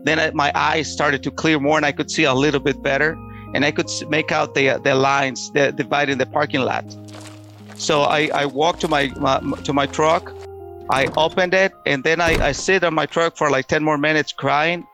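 A middle-aged man earnestly telling a personal story, halting often and restarting his sentences. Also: a little high, fairly even intonation, bright, forceful tone, faint music behind. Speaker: storyteller sharing a personal testimony.

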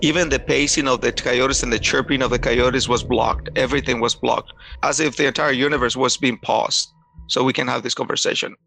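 A man's voice: medium pitch, steady tone, fairly quick, vocal fry, pushed and bright. A man giving an intense, earnest first-person testimony, retelling a harrowing experience in vivid detail. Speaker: storyteller recounting a personal experience.

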